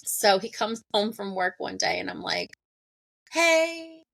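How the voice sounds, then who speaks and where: A woman's voice: mid-range voice, wildly swooping pitch, moderate pace, vocal fry, a bit bright. A woman in her thirties, a podcast guest, casually telling a story, laughing often and acting out what people said. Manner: laughs often, acts out conversations.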